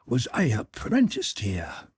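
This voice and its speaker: A man's voice: medium pitch, wildly swooping pitch, slow, background noise. A man voicing an older miserly man in an audiobook, speaking earnestly, close to his own voice. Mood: wistful.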